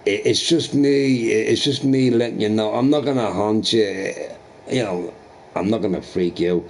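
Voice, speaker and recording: A man chatting casually while streaming a game, rambling and swearing through animated rants and asking "right?" often. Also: fairly low pitch. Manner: profane, ranting, animated opinions with frequent "right?".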